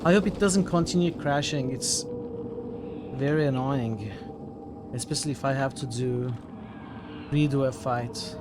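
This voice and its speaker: A man's voice: medium pitch, unhurried, pauses often, background noise. A man streaming a video game, making wry, joking asides as he plays. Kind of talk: casual game commentary.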